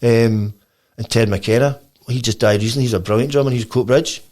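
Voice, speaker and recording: A man's voice: medium pitch, fairly quick. A man with a Scottish accent chatting as a podcast guest, rambling with many restarts. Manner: animated storytelling. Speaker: guest musician. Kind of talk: casual podcast chat.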